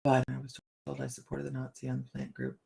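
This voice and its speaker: A woman's voice: a bass voice, monotone, fast talker, creaky, dark tone. A woman hosting a casual morning livestream chat, chatting to viewers, often laughing and restarting her sentences. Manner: frequent restarts and stammers. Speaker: psychic livestream host.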